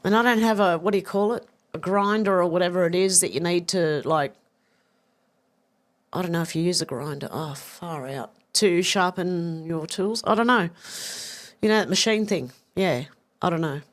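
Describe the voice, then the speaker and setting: A woman's voice: lowish voice, moderate pace. Chatty woman reading viewer comments. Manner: chatty and self-deprecating, laughs often, reads messages aloud and answers them. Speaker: livestream news host reading viewer comments. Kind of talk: casual live-stream chat.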